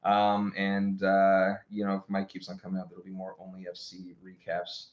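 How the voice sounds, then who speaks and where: A man co-hosting a football podcast, telling a match story in animated casual chat with restarts and swearing. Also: low-pitched, normal speed. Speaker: podcast co-host. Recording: roomy, dull lo-fi sound.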